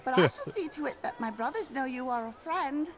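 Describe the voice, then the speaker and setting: An actor playing a solemn game character who speaks gratefully to the player, heard as quiet game audio. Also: male voice, extremely high pitch, expressive, a little fast, crowd noise.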